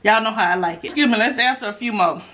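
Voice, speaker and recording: A woman's voice: on the high side, fast, highs cut off. Chatty woman vlogger, laid-back. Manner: chatty, laid-back, talks straight to viewers as "y'all"; animated, laughs often when telling stories. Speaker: mukbang vlogger. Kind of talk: casual chat while eating, reading viewer questions.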